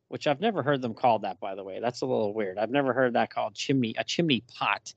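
A man co-hosting a casual podcast, talking through a comic book and reading its dialogue aloud with lively emphasis. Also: mid-range voice, fast talker, vocal fry, hardly any pauses, no echo.

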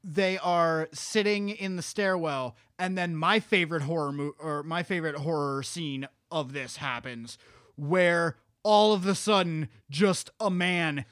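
A man's voice: a little high, unhurried, fairly bright tone, no echo, studio quality. A young man in a casual podcast chat, rambling and swearing as he retells a horror movie scene by scene. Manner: rambling, profane, restarts a lot while storytelling. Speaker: podcast co-host.

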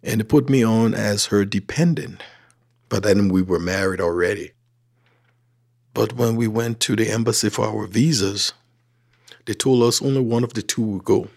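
Gravelly Liberian man telling his story. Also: on the low side, normal speed. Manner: animated storyteller who acts out quoted dialogue. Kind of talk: personal storytelling. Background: faint music.

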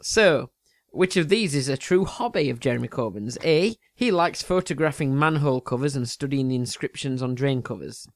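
A man with a mid-range, animated voice co-hosts a casual podcast chat at a moderate pace, quizzing his partner with teasing jokes and laughing often. The studio-quality recording has no room sound.

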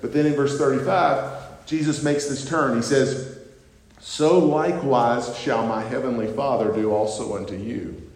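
A man's voice: mid-range voice, fairly even intonation, measured pace, darkish tone. A man preaching an earnest, emphatic sermon, restarting phrases as he presses his point. His voice rings through a big, echoing church hall with a long reverb tail. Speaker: pastor. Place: church sanctuary.

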